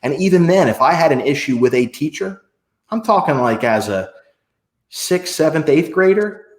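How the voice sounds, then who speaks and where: A man in his forties, a podcast guest, telling his own stories in a lively conversational way and acting out what people said. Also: fairly high pitch, normal speed. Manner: animated storyteller who acts out quotes in other voices. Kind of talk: conversational interview storytelling. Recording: roomy echo.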